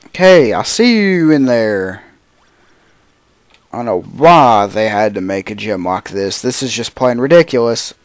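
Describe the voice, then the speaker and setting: A man's voice: mid-range voice, lively intonation, measured pace, dry recording. Grumbling man narrating his gameplay. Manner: frustrated, grumbling to himself. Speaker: let's play host. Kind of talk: casual gameplay commentary.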